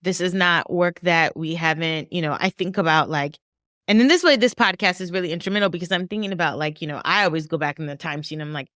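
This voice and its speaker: A middle-aged woman professor speaks earnestly in a podcast discussion, her low voice halting and restarting as emotion rises. The sound is dry and close. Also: a bit bright, no echo. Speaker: professor and author.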